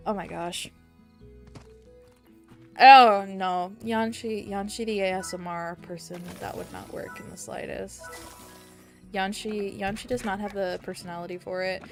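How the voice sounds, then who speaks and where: A woman streaming a game, chatting casually and getting excited easily, with giggles. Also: mid-range voice, unhurried, long pauses, faint music behind. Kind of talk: casual gameplay stream chat.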